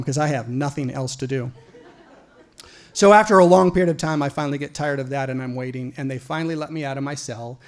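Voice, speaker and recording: A middle-aged man telling a personal story live, wry and animated, rising to loud outbursts. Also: fairly high pitch, brisk.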